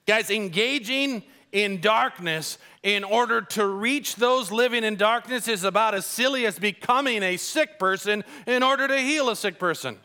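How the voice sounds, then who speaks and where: A man preaching a sermon as a pastor, telling stories in a conversational, animated way with casual slang. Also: high voice, normal speed, few pauses, smooth. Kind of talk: sermon with storytelling.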